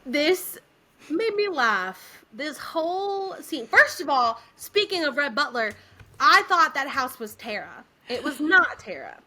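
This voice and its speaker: A young adult woman co-hosting a podcast, chatting casually and retelling scenes in an animated, giggly way. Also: high-pitched, slow pace. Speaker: podcast co-host. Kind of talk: casual chat.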